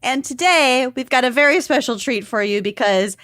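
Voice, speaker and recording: A woman's voice: sits high, animated, moderate pace, fairly bright tone, dry recording, clean studio sound. A woman co-hosting a casual podcast chat, giggly and easily amused, from Minnesota. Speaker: podcast co-host.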